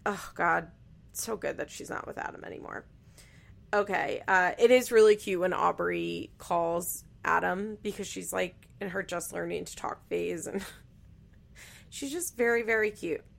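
Gravelly-voiced woman gossiping bluntly. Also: lowish voice, unhurried. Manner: chatty, blunt, swears freely, frequent "like". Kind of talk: casual reality-TV commentary.

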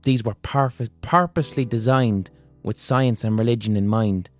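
A man hosting a podcast, delivering a comedic monologue with profane, animated ranting. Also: mid-range voice, moderate pace, faint music behind. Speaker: podcast host.

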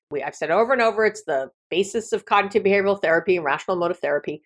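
Woman, middle-aged, therapist-host; animated solo podcast talk with playful asides. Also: medium pitch, racing, hardly any pauses. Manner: chatty, animated, playful asides with frequent laughs.

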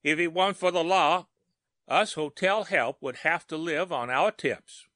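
A man's voice: a little high, unhurried, bright, forceful tone, dry recording, voice pushed up. A man voicing a pious, easily startled male hotel bellhop with a sanctimonious way of talking.

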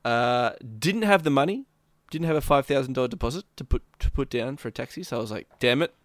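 A man's voice: mid-range voice, fast, no room sound. Aussie guy yarning about a game, bounces between voices, laughs a lot, dry close sound. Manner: animated, acts out quotes with laughs. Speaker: podcast co-host. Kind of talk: casual storytelling chat.

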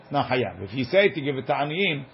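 A man's voice: mid-range voice, big pitch swings, fast talker, highs cut off, a little hiss or hum. A man giving an informal study lecture, chanting passages of ancient text and then explaining them in casual conversational English. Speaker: Talmud teacher.

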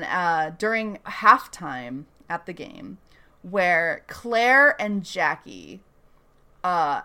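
Chatty bright-voiced young woman. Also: medium pitch, clear, resonant tone. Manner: chatty, animated, acts out the scenes. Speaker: podcast host. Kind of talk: casual TV recap chat.

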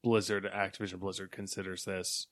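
A man's voice: low voice, level tone, brisk, a bit bright, dry recording, clean studio sound. A young man co-hosting a casual podcast, reading gaming news items aloud with frequent ums and chatty asides.

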